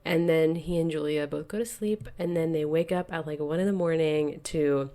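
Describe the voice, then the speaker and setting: Her voice is deep, warm, and steady, moving at a moderate pace. She co-hosts a podcast and recounts a novel's story in a relaxed book-club style, peppering it with "like" and "you know."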